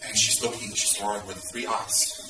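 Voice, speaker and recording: A man teaching Buddhist students in an intense, dramatic way, at times breaking into loud exclamations. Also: on the low side, flat delivery, normal speed, roomy sound, far from the mic, music in the background, poor audio.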